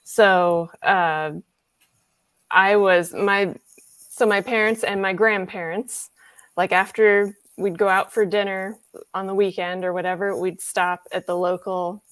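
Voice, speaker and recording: A woman's voice: mid-range voice, steady tone, unhurried, a bit bright, smooth, no echo. A woman from Illinois chatting casually as a guest on a video call, reflective and storytelling, laughing easily. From Illinois, USA. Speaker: guest singer. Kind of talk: casual chat. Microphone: remote video call.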